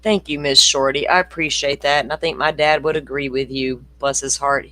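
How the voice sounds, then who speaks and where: A man with a bright, forceful voice hosts a casual livestream and talks straight to his chat. His remarks come out blunt and a little mocking. The sound is dry and close, with almost no room in it. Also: medium pitch, steady tone, moderate pace, dry recording. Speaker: livestream host. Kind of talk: casual commentary.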